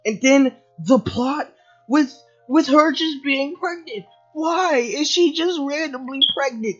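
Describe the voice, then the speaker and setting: High-voiced woman ranting in a profane fury. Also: slow pace, dull audio, faint music behind. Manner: profane, shouting, exasperated. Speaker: video commentator. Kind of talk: angry review rant.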